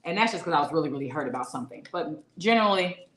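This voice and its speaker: A woman co-hosting a podcast in casual chat, animated and laughing often as she reads listener comments aloud. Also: sits low, rapid-fire. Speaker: podcast co-host. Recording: echoey room.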